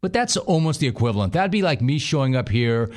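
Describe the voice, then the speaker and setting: A man's voice: mid-range voice, very animated, fast talker, a little mellow. A middle-aged man hosting sports talk radio from a studio, emphatic and sardonic, hammering his points with repetition.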